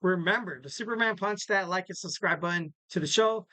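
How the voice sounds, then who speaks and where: A man's voice: high voice, a little fast, pushed and bright, dry recording, rough recording. A young man hosting a casual sports podcast, rambling through his sign-off with jokey, self-deprecating asides. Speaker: podcast host.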